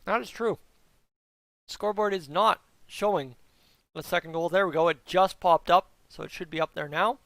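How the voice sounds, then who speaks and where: A young man hosts a casual live hockey reaction stream. His voice sits high and comes through smooth and clear. He talks straight to his chat and slips into quick play-by-play, recorded close and dry. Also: a bit bright, no room sound. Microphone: close mic.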